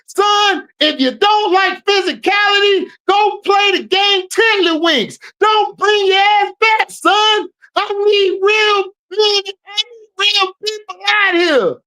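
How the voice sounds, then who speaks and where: A woman acting out a gruff, demanding male sports coach who barks orders at a player. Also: very high voice, slow, few pauses, sharp tone, pitched above the performer's own voice, heavily acted, low-quality recording. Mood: barking. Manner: barking, hollering orders.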